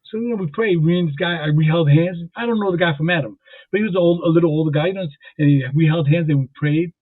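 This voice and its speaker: A man from Jersey City telling rambling stories as a podcast guest, repeating words excitedly. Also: fairly high pitch, quick pace, no echo. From Jersey City, New Jersey. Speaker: guest, former boxing champion and police officer. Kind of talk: casual storytelling. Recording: tinny phone-like line, dry.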